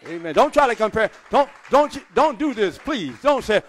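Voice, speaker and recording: A middle-aged man preaching a sermon from a church pulpit, calling for amens and rising to shouts. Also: sits high, lively intonation, fast talker, hardly any pauses. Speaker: pastor.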